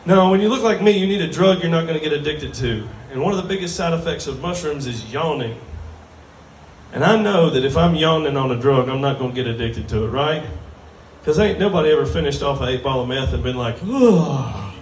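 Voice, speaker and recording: A man's voice: fairly high pitch, fast, slight background noise. A man with a drawl doing a crude, self-mocking stand-up set on a bar stage before a live crowd. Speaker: stand-up comedian. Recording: roomy bar sound from a distant mic.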